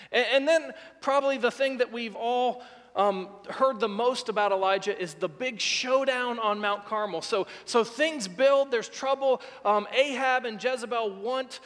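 High-voiced man preaching in an echoing hall. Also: a bit bright. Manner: vivid storytelling, retelling scenes with quoted dialogue. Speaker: pastor. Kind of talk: sermon. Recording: long reverb of a large hall.

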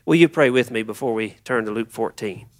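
A male pastor preaching a sermon in a church, leading prayer and reading scripture in a slow, earnest way. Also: medium pitch.

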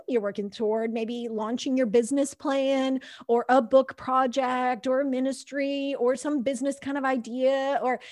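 A woman's voice: high voice, no room sound, studio quality. A woman hosting a faith podcast, talking animatedly, acting out her own thoughts and laughing often. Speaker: podcast host.

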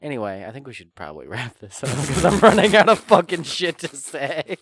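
A man's voice: on the high side, animated, fairly quick, a bit bright. Giggly crude podcast co-host man. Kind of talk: casual chat.

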